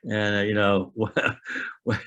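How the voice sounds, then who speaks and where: A man in his eighties telling an oral history of his army years, a halting storyteller who restarts often and acts out remembered dialogue. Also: lowish voice, monotone, fairly bright tone, lo-fi sound. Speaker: veteran interviewee.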